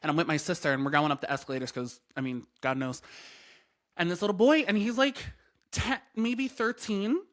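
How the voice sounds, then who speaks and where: A man's voice: sits high, brisk, fairly bright tone. A man hosting a casual podcast chat, talking emphatically and repeating his points for stress. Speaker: podcast host.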